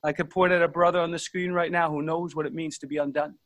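A man's voice: fairly high pitch, little pitch movement, a bit bright, no echo. A man preaching a sermon earnestly, stumbling over restarts as he tells stories to his congregation. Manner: earnest, halting, many restarts.

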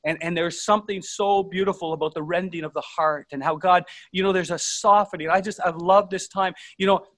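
Recorded with no echo, a man preaches earnestly in a high-pitched, slightly bright voice that keeps a steady tone. His storytelling to the congregation is halting, full of restarts.

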